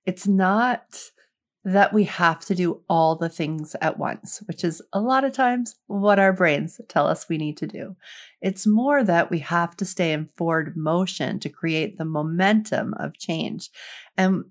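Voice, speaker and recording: A woman's voice: lowish voice, a little slow. A woman podcast host giving an upbeat, instructive closing segment, read from a script.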